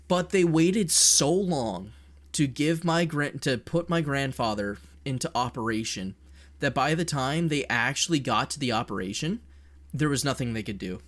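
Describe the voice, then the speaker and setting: A man's voice: medium pitch, animated, moderate pace, a bit bright. Blunt swearing man ranting. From Canada. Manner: blunt, profane, heated opinion talk. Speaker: streamer. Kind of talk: casual streamed rant.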